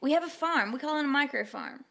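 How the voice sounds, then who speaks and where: High-voiced woman telling a story. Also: fast, vocal fry. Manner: animated storyteller, heavy use of "like". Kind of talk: casual chat.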